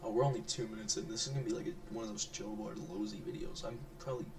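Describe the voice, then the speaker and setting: A sick man rambles through a joking reaction commentary, trailing off and circling back to his point. His voice sits a little away from the mic, and a steady rumble runs beneath it. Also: rapid-fire. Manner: rambling, trails off and restarts mid-thought. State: sick, voice affected by illness. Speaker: reaction video host. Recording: distant mic with clear rumbling noise.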